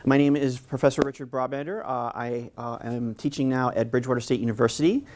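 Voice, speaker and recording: A man from New York with a New York accent, giving a history lecture, speaking fast with frequent filler "uh"s. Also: mid-range voice, steady tone, darkish tone. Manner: fast-talking, many filler uhs. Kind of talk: public lecture.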